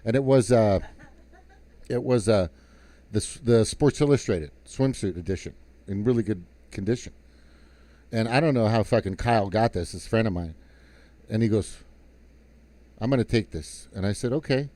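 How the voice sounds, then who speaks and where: Man, low and dark, profane and heated storyteller, close dry sound. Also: moderate pace, long pauses, dry recording. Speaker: live stream guest. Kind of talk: casual storytelling and political rant.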